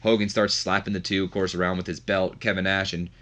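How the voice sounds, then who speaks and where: A man chatting his way through a wrestling management game, with casual, self-deprecating commentary. His voice is low-pitched yet bright and forceful, and he often restarts his sentences. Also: flat delivery, fast talker. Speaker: game streamer. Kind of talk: casual let's-play commentary.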